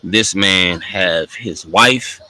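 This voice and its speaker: A man in casual conversation, opinionated and animated, pushing his points with sharp emphatic rises. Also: low-pitched, extremely slow, no room sound, rough recording. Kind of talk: casual chat.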